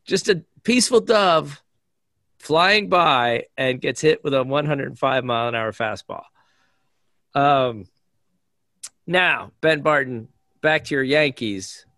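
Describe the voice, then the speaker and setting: A man's voice: medium pitch, slow, sharp tone, no room sound. A man co-hosting a podcast, eagerly asking his co-hosts quiz questions in casual chat. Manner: playful, eager quizmaster. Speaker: podcast co-host running a quiz.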